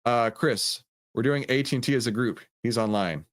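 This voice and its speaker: A man hosting a live trading stream, talking straight to his chat. His pitch swings widely as he coaches, teases and reassures viewers, with a mid-range voice that rises and falls in lively bursts. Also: brisk. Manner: animated, coaching, answers chat questions. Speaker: trading livestream host. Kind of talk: livestream Q&A with chat.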